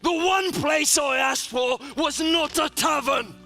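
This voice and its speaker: A man's voice: very high voice, takes it slowly, vocal fry, sharp tone, soft background music, pitched above the performer's own voice, exaggerated voice. A Scottish man voicing a small, hunched, nervous male orc with a big underbite in a live tabletop role-play. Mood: grumbling.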